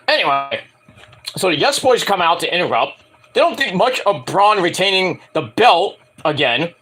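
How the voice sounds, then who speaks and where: A man's voice: on the high side, fairly bright tone, slight background noise. A man in his forties reviewing a wrestling show in a casual solo vlog, rambling and joking with many digressions. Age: 40s.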